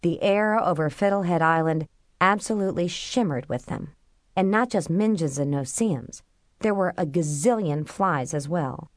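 Low-voiced woman reading an audiobook. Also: unhurried, dry recording, studio quality. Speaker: audiobook narrator. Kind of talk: scripted narration.

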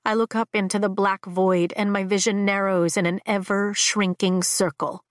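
A woman narrating a fantasy novel in the first person, with a measured, emotive reading. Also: mid-range voice, little pitch movement, no room sound, studio quality. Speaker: audiobook narrator.

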